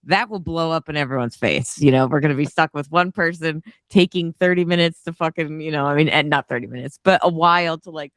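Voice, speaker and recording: A man co-hosting a podcast, chatting casually about a movie, cursing often and jumping up in pitch when excited. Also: a little fast, hardly any pauses, clean tone, no room sound, clean studio sound. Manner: animated, swears often, big pitch jumps when excited. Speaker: podcast co-host. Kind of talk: casual movie review chat.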